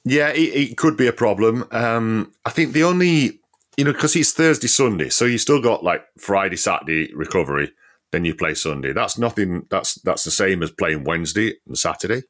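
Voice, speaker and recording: Deep-voiced guy chatting football on a podcast, laid back, lots of "you know"s. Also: animated, normal speed, a bit bright. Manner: easygoing, many "you know" fillers, laughs often. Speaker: podcast co-host, former player. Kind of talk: casual football chat.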